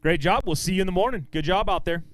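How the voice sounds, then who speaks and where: A man emceeing a fishing tournament weigh-in outdoors, booming out weights and angler names in an upbeat, lively way over a handheld microphone. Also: fast, no room sound. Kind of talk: live weigh-in announcing.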